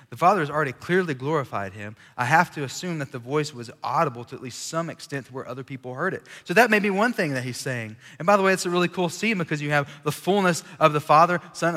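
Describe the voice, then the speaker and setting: Before a live crowd in a big room, a preacher with a fairly high, somewhat bright voice chats his way through a casual sermon and jokes with his listeners. Long reverb from the large hall colors the sound.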